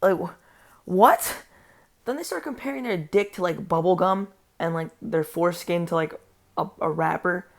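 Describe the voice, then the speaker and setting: A woman's voice: lowish voice, normal speed, creaky. A woman telling a story for her vlog, rambling, swearing a lot and sounding incredulous. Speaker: vlogger. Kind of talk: casual story time.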